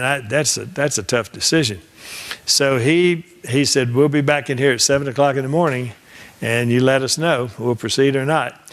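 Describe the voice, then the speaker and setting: A man's voice: mid-range voice, fairly bright tone. An older man, a trial lawyer, teaching a seminar in a folksy, anecdotal way, acting out the dialogue of his cases and often restarting his sentences. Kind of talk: storytelling lecture.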